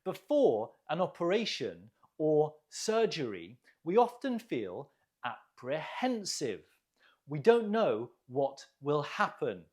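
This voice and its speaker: English teacher drilling vocab super slowly, voice swoops up and down a lot, says each word carefully and cheers learners on. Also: mid-range voice. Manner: deliberate, clearly enunciated, drills pronunciation with pauses for repeating; encouraging, gently praises learners. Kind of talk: online vocabulary lesson.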